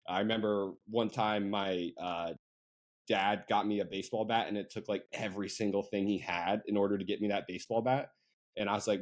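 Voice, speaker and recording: A man from central Pennsylvania, a marketing agency owner, chatting casually as a podcast guest with lots of fillers and asides. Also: fairly low pitch. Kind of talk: casual interview chat.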